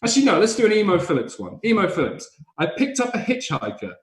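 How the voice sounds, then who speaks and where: Speaking fast with a high voice whose pitch swoops wildly, a man runs a live online stand-up comedy lesson. He explains joke structure and performs silly little voices, and the room sounds echoey.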